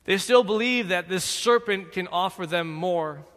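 Slow, bright-voiced male narrator. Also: high-pitched, long reverb tail. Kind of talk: dramatic scripted narration.

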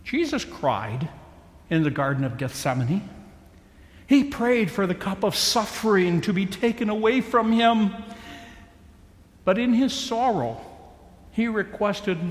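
A male preacher delivers a sermon in a slow, emphatic cadence with dramatic pauses. His voice rides high and swings widely in pitch. The recording is echoey, with a long hall reverb. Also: lively intonation.

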